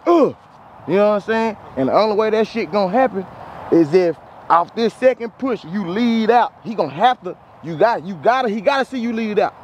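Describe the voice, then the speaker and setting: A man's voice: high-pitched, dull audio. A man coaching football drills outdoors, blunt and profane, calling out moves and sound effects. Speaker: football trainer. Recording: outdoor traffic noise.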